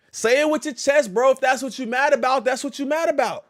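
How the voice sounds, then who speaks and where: A young man hosting a hip-hop news reaction stream, casual and slangy, breaking into loud outbursts and quick asides to his chat. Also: very high-pitched. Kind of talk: casual live-stream reaction, reading a legal filing aloud.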